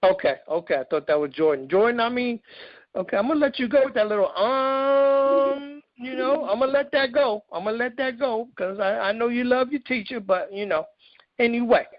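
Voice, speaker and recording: This male interview host has a high-pitched voice and a teasing, joking style, his loose speech packed with slang. He talks briskly, and the dry, slightly dull audio sounds like a lo-fi call with no echo.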